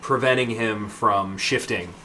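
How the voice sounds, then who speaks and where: A man narrating as dungeon master, describing scenes in a halting way with many fillers. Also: fairly low pitch, sharp tone, slight background noise. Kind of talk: narrating a tabletop game.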